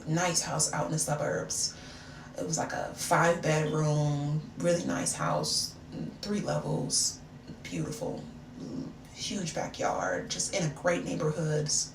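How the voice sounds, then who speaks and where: A woman telling a personal story in a casual storytime style, animated and slangy, calling the listener "baby" and "girl". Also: on the low side. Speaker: storyteller, video creator. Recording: roomy, distant mic, noisy background.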